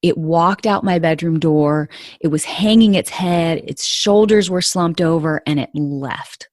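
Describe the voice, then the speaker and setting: A woman's voice: fairly low pitch, measured pace, darkish tone, no echo, clean studio sound. A woman hosting a podcast, telling a personal story in an earnest, confiding way and speaking straight to her listeners. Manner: earnest and confiding, addresses listeners as "you guys". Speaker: podcast host.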